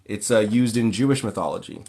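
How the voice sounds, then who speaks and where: A man hosting a casual livestream Q&A who reads viewers' questions aloud and answers in a relaxed, plain way. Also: on the low side, a little fast, vocal fry, breathy edge. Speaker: occult livestream host.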